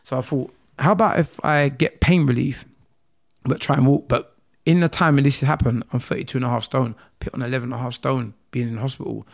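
A man with a London accent, a guest telling a personal story with feeling, acting out the dialogue in a lively way. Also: medium pitch, brisk, vocal fry. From England. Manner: animated, acts out dialogue with rising voice.

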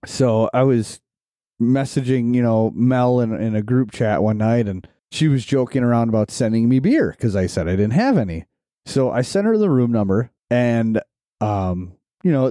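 A man's voice: mid-range voice, lively intonation, moderate pace, mellow, dry recording, studio quality. A man co-hosting a podcast, telling a story in a casual, rambling way full of fillers. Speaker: podcast co-host.

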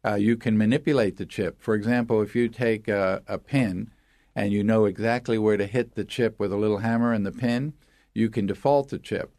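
A man's voice: lowish voice, fairly even intonation, a little fast, darkish tone, no echo. A man speaking as an expert guest, explaining things with step-by-step examples in an authoritative way. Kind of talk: explanatory interview talk.

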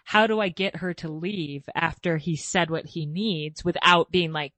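A woman's voice: on the low side, unhurried, a bit bright, no echo. A woman hosting a podcast, chatting casually, asking questions and laughing easily. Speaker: podcast host. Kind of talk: casual interview chat.

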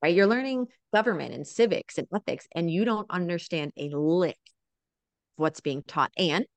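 A woman with a lowish voice talks at normal speed, recorded without echo. In a casual interview, this thirty-something guest, a mother of four living abroad, animatedly shares family stories and often checks in by asking "right?".

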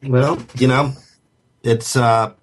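A man's voice: mid-range voice, fairly even intonation, takes it slowly, slight background noise. A man co-hosting a web radio show in casual, chatty talk full of fillers and restarts. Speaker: podcast co-host.

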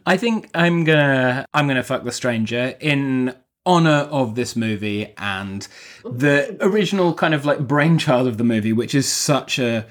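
A man's voice: medium pitch, animated, measured pace. A man co-hosting a podcast in casual chat, rambling and joking, restarting his sentences as he thinks aloud. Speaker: podcast co-host.

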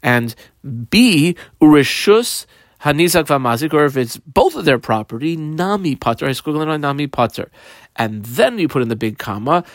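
A man's voice: fairly high pitch, dry recording. Man teaching a text study lesson, dry sound. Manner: explanatory, marks up the text as he reads. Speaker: Talmud teacher. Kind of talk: page-by-page Talmud lesson.

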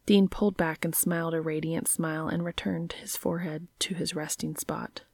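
A woman reading a story aloud in a soft, half-whispered narration. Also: low-pitched, level tone, normal speed, vocal fry, slightly rough, dry recording, studio quality. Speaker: reader.

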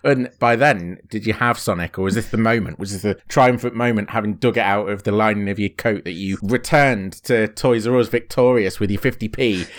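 A man's voice: fairly low pitch, a little fast, hardly any pauses. A man co-hosting a casual podcast chat, bantering and teasing his friend. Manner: bantering, teasing, laughs often. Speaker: podcast co-host.

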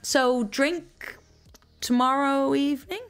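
A woman's voice: high voice, takes it slowly, soft background music. A woman voicing Sonia, an eager flirtatious woman on a phone call, in a generic American accent. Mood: flirty.

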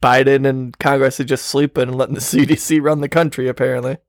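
A man's voice: medium pitch, level tone, fast, dry recording, studio quality. A man co-hosting a podcast, chatting casually, sarcastic and swearing freely. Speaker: podcast co-host. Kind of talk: casual chat.

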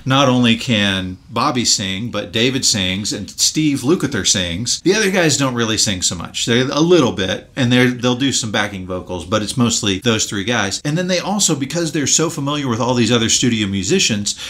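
A man co-hosting a casual talk show, retelling band history as animated anecdotes. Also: medium pitch, normal speed, few pauses. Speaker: podcast co-host. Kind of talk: casual chat.

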